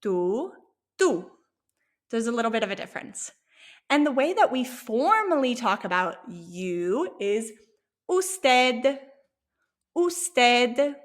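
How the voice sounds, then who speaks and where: A woman's voice: a little high, lively intonation, normal speed. A woman teaching an online language lesson, encouraging and repeating words for learners to echo back. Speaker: Spanish teacher.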